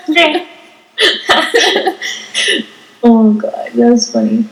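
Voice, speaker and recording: A woman's voice: fairly high pitch, slow pace, echoey room, low-quality recording. A teenage girl co-hosting a podcast, chatting casually and giggling as she acts out what people said. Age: teens. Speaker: podcast co-host. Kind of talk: casual chat.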